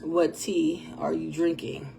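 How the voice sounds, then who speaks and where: A woman hosting her own podcast alone, chatting casually about faith in a rambling way, often clearing her throat and with a voice that often sounds strained. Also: sits low, little pitch movement, slow, dark tone, slight background noise. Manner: churchy phrases, talks to absent guest. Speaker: podcast host.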